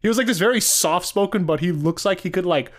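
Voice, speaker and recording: A man's voice: sits high, fast talker. A man co-hosting a podcast in casual chat, rambling with many fillers and frequent laughter. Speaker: podcast co-host.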